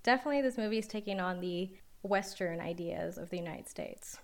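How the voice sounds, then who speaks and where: A woman in her late twenties co-hosting a casual discussion podcast, explaining ideas in a measured way. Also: fairly low pitch, creaky. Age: late 20s. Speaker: podcast co-host.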